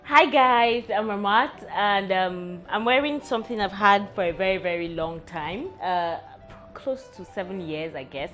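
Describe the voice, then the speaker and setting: A woman's voice: medium pitch, animated, a little slow, few pauses, fairly bright tone, faint music behind. A young woman, hosting a candid personal vlog in a frank, wry, self-mocking way. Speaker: vlog host.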